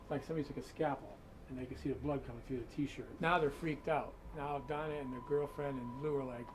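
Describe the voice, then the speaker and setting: A man's voice: mid-range voice, steady tone, fast, background noise. A man telling a creepy story in a conversational, dramatic way, full of asides, while guiding people through a museum room. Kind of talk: spooky storytelling.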